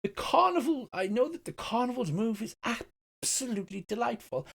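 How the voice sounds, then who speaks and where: A man's voice: very high-pitched, animated, normal speed, vocal fry, voice pushed up, exaggerated voice. A man voicing a flamboyant, theatrical male elf showman who speaks in a grandiose sing-song.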